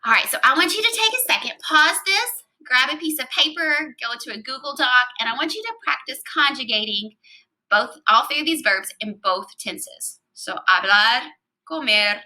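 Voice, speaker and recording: Bright, higher-voiced woman teaching Spanish. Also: lively intonation, normal speed, rough recording. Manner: clear, patient explaining with spelled-out letters. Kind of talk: recorded grammar lesson.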